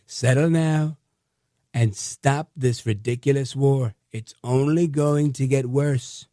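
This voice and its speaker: A man putting on an impression of a brash, blunt older male politician, delivered slowly and emphatically. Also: medium pitch, steady tone, dark tone, no echo, clean studio sound, lightly acted. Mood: commanding.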